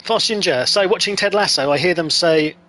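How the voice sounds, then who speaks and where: A man with a bright, forceful voice pitched a little high, hosting and co-commentating a race. He is dry and teasing, trading easy banter. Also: fairly quick. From North Kent, England. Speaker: league host and co-commentator. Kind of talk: casual live race commentary.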